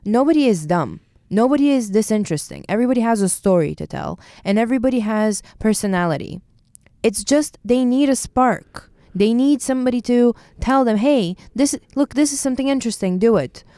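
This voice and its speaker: A young woman in her twenties from Bulgaria, speaking English in a casual podcast chat, animated and opinionated. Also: on the high side, no room sound, studio quality. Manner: animated, opinionated, quick asides. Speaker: podcast co-host, university student.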